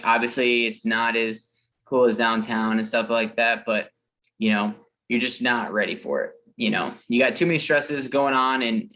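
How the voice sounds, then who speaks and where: A man's voice: mid-range voice, bright, forceful tone, poor audio. A man co-hosting a podcast, giving laid-back, frank advice with some swearing. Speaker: podcast co-host. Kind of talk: casual chat.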